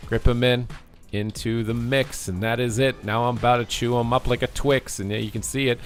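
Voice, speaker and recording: A man's voice: mid-range voice, steady tone, normal speed, soft background music. A man rapping playful rhyming commentary over his own game match. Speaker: gamer streamer.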